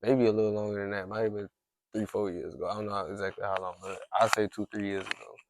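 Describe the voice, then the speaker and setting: A man's voice: lowish voice, little pitch movement, fast, noisy background. A man hosting a podcast, telling a story in a casual, rambling way with lots of restarts. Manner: rambling, heavy use of "like", frequent restarts. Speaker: podcast host.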